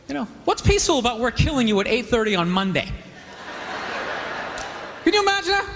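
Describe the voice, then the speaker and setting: A man doing a stand-up comedy set on a club stage, rambling and animated with constant "you know" asides. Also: very high-pitched, fast, a little hiss or hum. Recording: live club recording with reverb and crowd.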